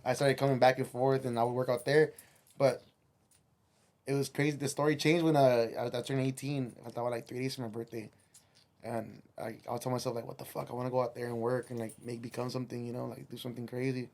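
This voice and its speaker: Fast-talking man telling a rambling story. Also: mid-range voice, flat delivery, vocal fry, a little mellow. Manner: rambling, profane, mixes Spanish phrases into English. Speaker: musician guest. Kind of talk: casual storytelling on a podcast.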